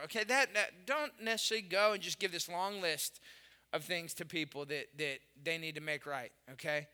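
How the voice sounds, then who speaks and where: A male pastor preaching a sermon, telling stories with lively swings between loud bursts and hushed, earnest stretches. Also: high voice, quick pace, smooth. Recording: hall reverb.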